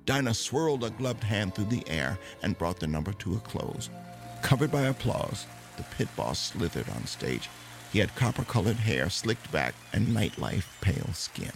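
A man's voice: fairly low pitch, very animated, normal speed, vocal fry, slight background noise. A man telling a true-life story aloud, lingering on its dramatic moments.

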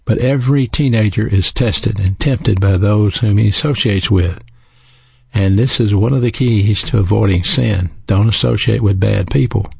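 A man preaching in an earnest, teaching manner, his low voice gravelly and husky. The tone is dark and mellow, and the sound is close and dry with no room around it. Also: dry recording. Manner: earnest, teaching, spells out words. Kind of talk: sermon.

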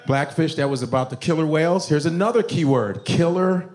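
A man doing a profane stand-up comedy routine, animated, often bursting into shouts. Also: fairly high pitch, fairly quick.

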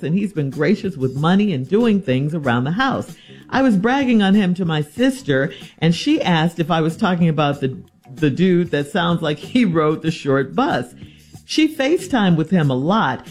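A woman's voice: on the low side, a little mellow, breathy edge. A woman hosting an advice show, reading out a listener's letter and answering it in a teasing, incredulous way.

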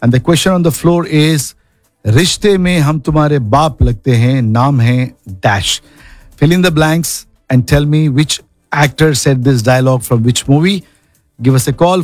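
A man's voice: a little high, a little fast, darkish tone, dry recording, soft background music. Upbeat radio host man, dry studio sound. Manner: upbeat, repeats the call-in number. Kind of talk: radio call-in hosting and ad reads.

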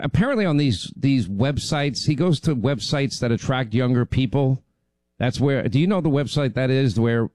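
In a dry recording, a man with a mid-range, darkish voice hosts casual talk radio. He rambles chattily with frequent fillers, his voice on the mend from laryngitis.

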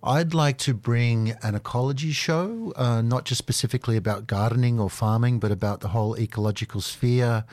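A man's voice: mid-range voice, a little fast, few pauses, a little mellow, dry recording. A man answering questions as a guest in a radio studio, earnest and enthusiastic. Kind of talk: interview answers.

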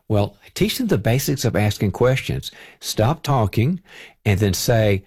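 A man, a parenting author, giving calm, direct and practical advice as a guest on a talk show. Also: mid-range voice, moderate pace, slightly rough, no room sound, clean studio sound.

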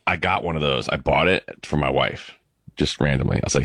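A man's voice: very deep voice, fairly quick, fairly bright tone, breathy edge, dry recording. A man co-hosting a casual chat, telling rambling joking stories. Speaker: co-host.

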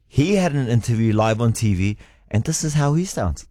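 Male radio host, playful banter, animated pitch, dry close mic. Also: moderate pace, no echo. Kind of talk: casual on-air banter.

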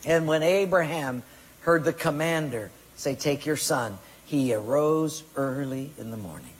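Speaking at a measured pace with a slightly high, breathy-edged voice, a pastor delivers an emphatic sermon. Now and then he dramatizes the excuses his listeners offer. The sound carries the reverberation of a large hall.

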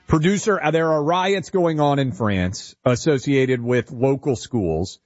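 A man's voice: mid-range voice, no echo, highs cut off. A man from Tennessee co-hosting a radio talk show, bantering casually and confessing his opinions with a joking edge.

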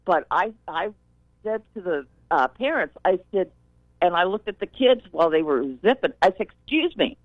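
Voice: medium pitch, lively intonation, moderate pace, dry recording, lo-fi sound. A caller on a call-in radio show, retelling a story and repeating what was said. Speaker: caller, store worker. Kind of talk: phone-in storytelling.

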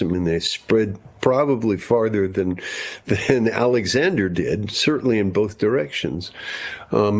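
A man talking as a historian guest, explaining at length and often repeating words as he thinks. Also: fairly low pitch. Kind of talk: conversational interview explanation.

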